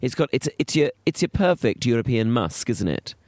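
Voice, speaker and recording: A man's voice: medium pitch, sing-song, normal speed, a little mellow. A man co-hosting a podcast, camp and teasing in casual banter. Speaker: podcast co-host. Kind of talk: casual chat.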